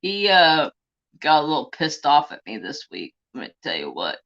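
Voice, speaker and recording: A man's voice: a little high, wildly swooping pitch, moderate pace, vocal fry, bright, forceful tone, muffled recording. A man hosting a crafting live stream, telling stories in casual, profane chat. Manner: chatty, profane storyteller.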